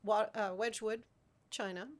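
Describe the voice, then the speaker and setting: A woman in her sixties hosts a relaxed tea-party chat on a talk show. She tells stories in a chatty way and laughs easily. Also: medium pitch, a little slow. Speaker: host. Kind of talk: casual chat.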